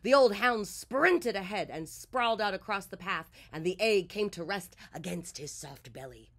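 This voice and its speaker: A woman reading a children's picture book aloud, with expressive storytelling. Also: mid-range voice, moderate pace.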